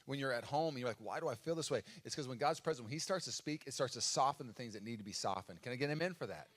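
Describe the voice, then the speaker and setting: A racing, mid-range voice belongs to an American pastor in his thirties giving a live sermon. He stands at a stage microphone in a church auditorium, storytelling animatedly and acting out his own dramatic cries.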